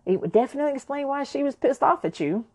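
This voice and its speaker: A woman voicing a caring adult woman friend who reacts in a quick, friendly way. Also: high voice, expressive, a little mellow, pitched above the performer's own voice. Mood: surprised.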